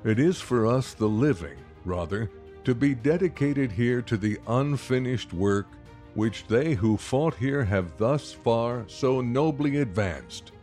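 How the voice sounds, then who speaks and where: A man reading the part of a solemn statesman giving a memorial address, in a slow, grave, deliberate recitation. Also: medium pitch, lively intonation, a little mellow, faint music behind. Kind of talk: dramatic reading.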